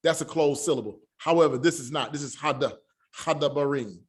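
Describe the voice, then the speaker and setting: A man teaching an online Hebrew class. He talks haltingly, with many fillers, and spells sounds out slowly. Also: on the high side.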